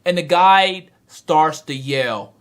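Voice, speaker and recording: Brief: a male reviewer with a high voice, retelling a chapter like a storyteller. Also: takes it slowly, clean tone. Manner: animated storytelling, excitable. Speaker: manga reviewer. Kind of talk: dramatic recap and review.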